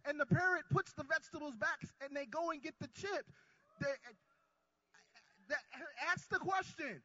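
A man preaching a sermon who calls on his congregation to answer back, drawing out key words and swinging between quiet asides and loud lines. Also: extremely high pitch, lively intonation, moderate pace, dry recording, dull audio. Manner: call-and-response with the congregation.

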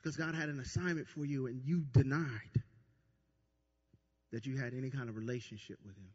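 A man's voice: mid-range voice, a little fast, a little mellow. A man preaching a sermon as pastor, with emphatic repetition and stammered restarts. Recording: long reverb, dull lo-fi sound.

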